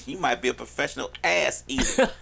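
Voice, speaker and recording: A man's voice: medium pitch, creaky, background noise. A man co-hosting a casual radio podcast, joking and telling stories. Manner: laid-back, joking, drawn-out storytelling. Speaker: radio show co-host.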